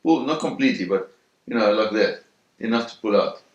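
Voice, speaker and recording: A man in an interview telling a first-hand story in a vivid, animated way, acting out the sounds and voices. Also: lowish voice, brisk, lo-fi sound. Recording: roomy echo.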